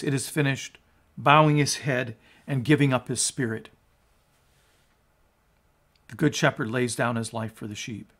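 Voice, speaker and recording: A man's voice: mid-range voice, fairly bright tone. A man preaching a sermon as a pastor, emphatic and conversational, asking his listeners rhetorical questions. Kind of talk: sermon on scripture.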